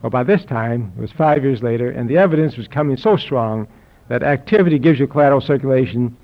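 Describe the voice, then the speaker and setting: A man's voice: mid-range voice, fast talker. An older man telling a personal story to a live audience in a dry, wry, anecdotal way. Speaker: speaker telling his health story. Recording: dull lo-fi recording with audience laughter.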